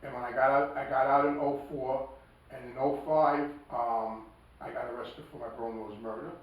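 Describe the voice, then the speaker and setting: A man's voice: medium pitch, fairly even intonation, moderate pace, highs cut off. A man recounts his past in a blunt, emphatic way. His voice sits in a middle range. It is recorded from some distance in a very echoey room with faint background noise. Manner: blunt, emphatic, acts out quoted speech. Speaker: podcast guest. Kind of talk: conversational storytelling.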